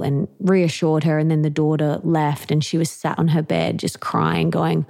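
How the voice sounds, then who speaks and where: A woman's voice: low voice, moderate pace, vocal fry, few pauses. A woman author as an interview guest, talking in an earnest, emphatic way. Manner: earnest, emphatic, with lively acted quotes. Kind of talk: conversational interview.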